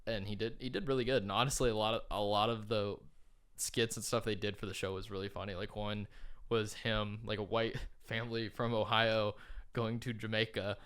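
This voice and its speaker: A man's voice: lowish voice, flat delivery, fairly quick, a bit bright, smooth. A man co-hosting a podcast in casual chat, rambling with many fillers and frequent laughs. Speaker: podcast co-host.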